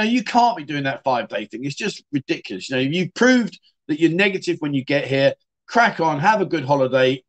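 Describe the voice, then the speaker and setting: A middle-aged man chats loosely on a livestream. He answers viewers in a blunt, joking way and keeps calling them mate. His voice sits a little higher than most men's. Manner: chatty, blunt, swears, jokey, says mate a lot. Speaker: livestream host. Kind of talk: casual chat reading viewer comments.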